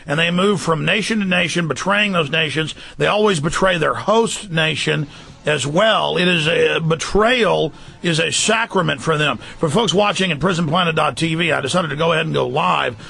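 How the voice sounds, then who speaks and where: A man hosting a talk radio show, speaking in an urgent, rapid, forceful monologue with fillers. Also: on the high side, gravelly, slightly rough.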